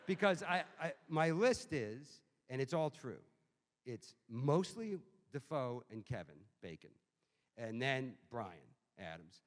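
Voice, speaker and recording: A middle-aged man from telling profane, animated comic anecdotes at a book event. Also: medium pitch, slow. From Boston. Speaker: author guest. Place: bookstore event hall. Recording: reverberant hall, live audience.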